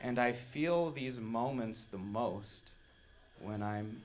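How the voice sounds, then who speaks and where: A man doing a stand-up comedy set, animated, dropping to hushed asides and rising to shouted punchlines. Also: mid-range voice, slow, slight background noise. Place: comedy club stage with audience laughter.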